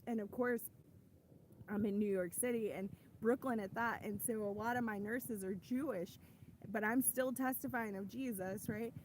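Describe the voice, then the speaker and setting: A woman's voice: a little high, background noise. A woman telling her personal faith testimony in a casual, earnest way, rambling with many restarts. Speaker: ministry host giving a testimony.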